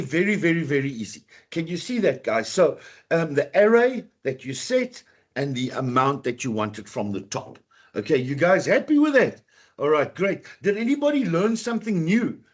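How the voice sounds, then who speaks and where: Husky-voiced male teacher. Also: high-pitched. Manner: chatty, encouraging, talks to class directly. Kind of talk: live online computer lesson.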